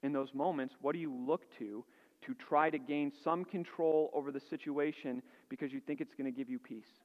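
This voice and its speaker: An earnest male pastor preaching with a fairly high voice, building up emphasis and asking rhetorical questions. His voice rings with a long hall echo, and the recording is dull. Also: fairly even intonation, normal speed. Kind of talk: sermon.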